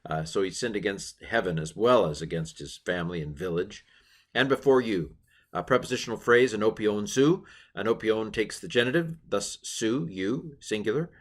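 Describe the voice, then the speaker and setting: A man giving an informal lesson on Greek grammar, chatty and halting, with many fillers and playful asides. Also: fairly low pitch. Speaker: Greek teacher.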